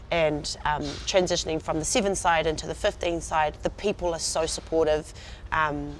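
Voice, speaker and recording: A woman in her thirties with a New Zealand accent, chatting as an interview guest and sounding proud and laughing easily. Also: on the low side. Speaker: rugby player guest. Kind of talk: relaxed interview chat. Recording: faint background noise.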